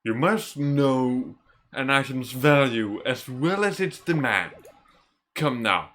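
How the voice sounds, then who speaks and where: A man voicing a gruff old bearded shopkeeper who scolds and mentors a young boy, reading game dialogue aloud in a slow, deliberate way. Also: mid-range voice, animated, a bit bright, slight background noise. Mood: instructive.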